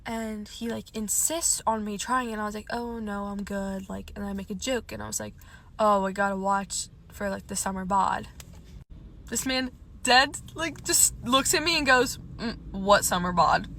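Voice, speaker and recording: A young woman telling a casual storytime, animated, swearing often and using "like" a lot. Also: medium pitch, moderate pace, gravelly, a little hiss or hum.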